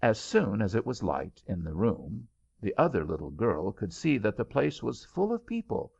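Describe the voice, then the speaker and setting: A man narrating a children's storybook aloud in an audiobook, with a slow, lively delivery. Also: fairly low pitch, gravelly, husky. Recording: dull lo-fi audiobook recording.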